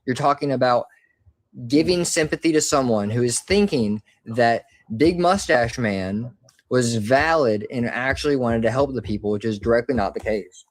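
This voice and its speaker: A man's voice: mid-range voice, moderate pace. A man arguing bluntly about politics in casual slang. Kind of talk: heated political argument.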